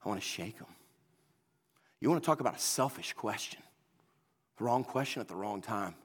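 A man's voice: lowish voice, lively intonation, moderate pace. A man preaching a sermon in an emphatic, folksy, repetitive way. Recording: long hall reverb.

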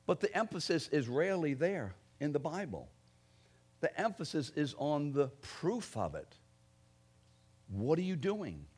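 Emphatic male preacher with loud stresses. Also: sing-song, unhurried, breathy edge. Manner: emphatic, rising to loud stresses then dropping low. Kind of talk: sermon.

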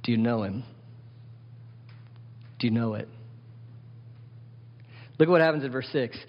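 A man's voice: mid-range voice, measured pace. A man preaching a sermon as pastor, emphatic, often asking the congregation questions. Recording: dull sound with long hall reverb.

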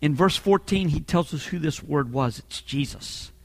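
A man preaching a sermon as a pastor, emphatic and building to forceful peaks, often repeating words as he presses a point. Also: on the high side, moderate pace, long reverb tail. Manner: repeats words when fired up.

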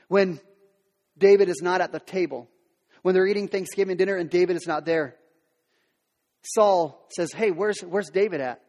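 A man's voice: sits high, big-room sound. A male preacher retelling a Bible story in a conversational sermon, with modern asides.

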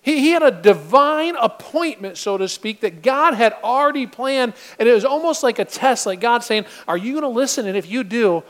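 A man preaching a sermon as pastor, animated and acting out little scenes in different voices. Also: extremely high pitch, moderate pace, few pauses.

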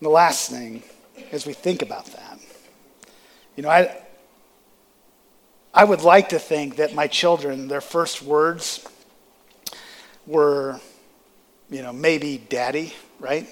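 A man's voice: fairly high pitch, takes it slowly, pauses often. A man preaching a sermon, calling out to his congregation with rising emphasis. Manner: preaching with rising emphasis and audience call-and-response.

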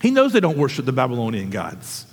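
A man's voice: medium pitch, huge pitch swings, fast talker, breathy edge. Male pastor, emphatic and questioning, mid voice with a long church echo. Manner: earnest, emphatic, rhetorical questions. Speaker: preacher. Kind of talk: sermon. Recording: echoey hall reverb.

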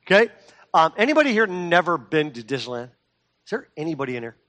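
Middle-aged male pastor, high voice, lively storytelling sermon that builds to fervent emphasis. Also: quick pace. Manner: storytelling with acted quotes, rising to fervent emphasis.

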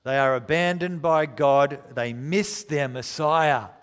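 A man delivering a dramatic sermon, his voice a little higher than most men's. He slows down to press his points and reads scripture aloud. His words ring out with a long reverb, as if from a large hall. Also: fairly bright tone, smooth. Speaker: preacher.

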